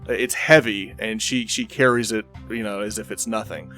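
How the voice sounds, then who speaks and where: A man's voice: lowish voice, steady tone, moderate pace, pushed and bright, soft background music. A man running a tabletop game as game master, narrating in a rambling way with many fillers.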